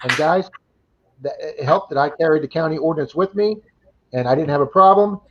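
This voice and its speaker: A man tells a story in quick bursts on a casual livestream chat, his voice sitting a little high. He keeps things lively and acts out what others said. The sound is a bit dull and lo-fi. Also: background noise. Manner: animated retelling, acting out quoted voices. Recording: slightly dull lo-fi livestream audio.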